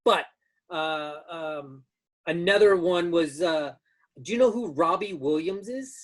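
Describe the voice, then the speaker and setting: A man's voice: on the high side, slow. Rambling man in his fifties. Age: 50s. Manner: rambling anecdotes with many restarts. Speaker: guest, stunt rigger. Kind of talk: casual storytelling.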